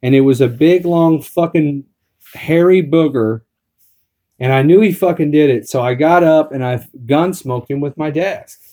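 A man's voice: fairly high pitch, normal speed, mellow. A man hosting a crude comedy podcast, rambling and swearing constantly. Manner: profane, rambling. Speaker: podcast host.

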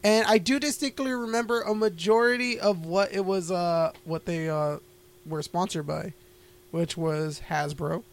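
High creaky-voiced man chatting casually. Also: fairly even intonation, a little slow. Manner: rambling, swears often, frequent laughs. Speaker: podcast co-host. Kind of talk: casual chat.

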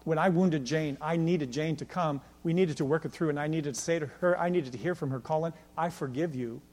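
A middle-aged man preaching a sermon as pastor, emphatic and rhetorical, building to near-shouts at his peaks. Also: a little high, fairly quick. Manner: repeats "can I tell you" rhetorically.

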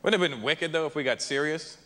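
A young man performing a punchy, lively stand-up set on a festival stage. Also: fairly high pitch, fast. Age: young adult. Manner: lively, punchy, jumps into voices. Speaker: stand-up comedian. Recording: echoey hall, light hiss.

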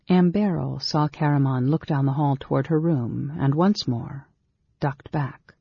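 A man narrating a fantasy novel aloud in a steady, measured storytelling manner. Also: mid-range voice, vocal fry, husky, no echo. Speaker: audiobook narrator. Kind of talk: scripted narration. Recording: dull lo-fi dry recording.

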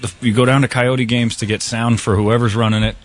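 Fast-talking joking male radio host. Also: medium pitch, little pitch movement. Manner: fast, joking, self-mocking. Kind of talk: casual morning radio banter. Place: radio studio. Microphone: studio microphone.

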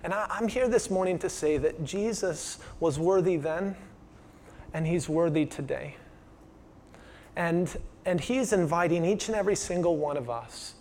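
A man with a fairly high voice delivers a sermon. He keeps it conversational, tossing rhetorical questions to the congregation. He often drops to a quiet, intense tone to stress a point. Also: a little hiss or hum. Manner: conversational preaching with rhetorical questions, dropping soft for emphasis. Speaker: pastor.

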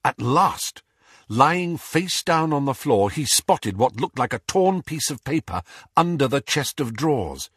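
A man narrating an audiobook in a husky, slightly breathy voice that moves widely up and down. He reads expressively, stretching some phrases and rushing others. The sound is dry and close. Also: mid-range voice, no echo. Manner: expressive storytelling, shifting pace for tension. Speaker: audiobook reader.

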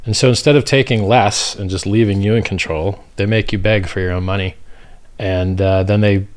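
A very deep-voiced American man speaking as an interview guest. He talks bluntly and with emphasis, slipping into a rant. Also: steady tone, moderate pace. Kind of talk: casual conversational interview.

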